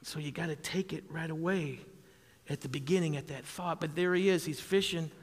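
A man from southwest Wisconsin preaching a sermon, calling for amens and rising to shouts. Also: a little high, a little fast. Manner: animated preaching, calls for amens, shouts at peaks. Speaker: pastor. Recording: long hall reverb.

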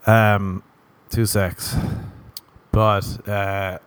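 A man's voice: on the low side, level tone, drawn-out words, clear, resonant tone, no echo. A man hosting a solo podcast in a casual, rambling way, joking, swearing and laughing at his own tangents. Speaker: podcast host.

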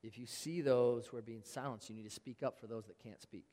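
Male pastor, earnest sermon, conversational delivery, mid-pitched voice, long hall reverb. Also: fairly even intonation, a little fast, warm tone. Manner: earnest, conversational preaching with quoted scripture.

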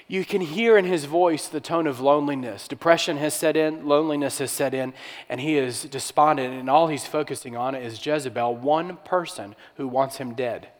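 A man's voice: on the high side, moderate pace, big-room sound. A male pastor preaching a sermon in a conversational way, with rhetorical questions and restarts.

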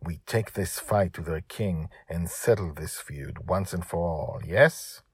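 A man's voice: low-pitched, a little slow, husky, no room sound, studio quality. A man voicing a cheerful father who captains a flying pirate ship, speaking in a friendly, conspiring way.

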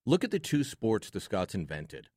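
Sarcastic radio host. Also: male voice, on the low side, wildly swooping pitch, normal speed, warm tone, breathy edge, no echo, clean studio sound. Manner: sarcastic, joking. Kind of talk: talk radio. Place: radio studio.

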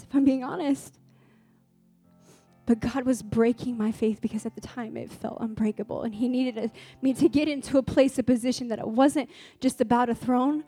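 A woman with a fairly high but dark-toned voice preaches to a congregation in a gathering room, with no room sound on the recording. She shares personal testimony earnestly, building up to fervent exhortation.

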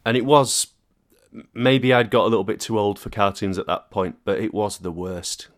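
Laughing, animated male podcast host. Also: on the low side, normal speed. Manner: animated, laughs often, jokey asides. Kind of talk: casual chat.

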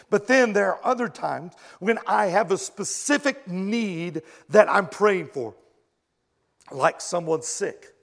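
A male pastor preaching a sermon in an animated way, acting out his listeners' reactions. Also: high voice, creaky.

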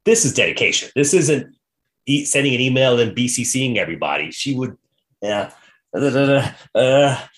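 A man hosting a podcast, telling history in a casual, animated way and reading quotes aloud. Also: medium pitch, fairly quick. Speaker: podcast host.

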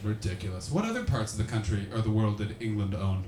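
A man from Canada doing crowd-work stand-up comedy, animated and swearing freely as he acts out voices. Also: on the low side, fast. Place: comedy venue with a live audience. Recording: echoey room with faint ambience.

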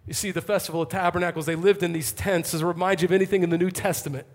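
A male pastor delivering an impassioned sermon to a congregation, swinging from fervent calls to hushed intensity. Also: sits high, fairly even intonation, racing. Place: church, before a congregation.

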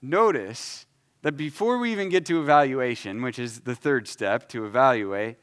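A man preaching a conversational sermon, acting out short prayers in his own voice and swinging between loud, emphatic lines and quiet asides. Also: mid-range voice, moderate pace. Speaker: pastor.

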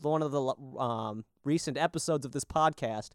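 A man with a clean, mid-range voice at normal speed co-hosts a podcast, rambling through stories in casual chat and swearing often. The recording is dry with clean studio sound, yet also described as lo-fi podcast audio.

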